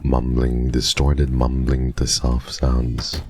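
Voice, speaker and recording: A man's voice: rumbling low, monotone, slow, darkish tone, faint music behind. A man streaming a horror game, chatting playfully to his viewers at a desk mic. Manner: playful, teasing, talks to chat. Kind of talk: casual game commentary.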